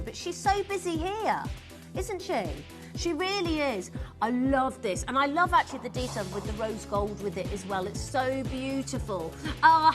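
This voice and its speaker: A woman presenting jewelry on a live shopping channel, chatty and gushing as she greets viewers by name. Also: high-pitched. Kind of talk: live jewelry sales pitch. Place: television studio.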